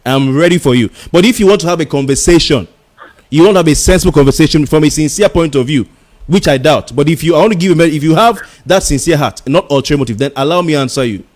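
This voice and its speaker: A man's voice: a little high, fast, a little mellow. Insistent man hosting a radio show. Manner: insistent, keeps repeating "excuse me" to hold the floor. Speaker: radio talk show host. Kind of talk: heated on-air argument with a caller.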